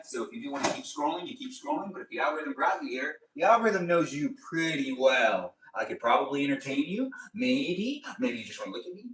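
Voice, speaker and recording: Man, rapid rambling streamer talk, bright voice, echoey kitchen, mic set back. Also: mid-range voice, recorded from a distance. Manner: fast, endless chatter addressing viewers. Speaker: live streamer. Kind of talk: rambling live stream cooking chat. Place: home kitchen.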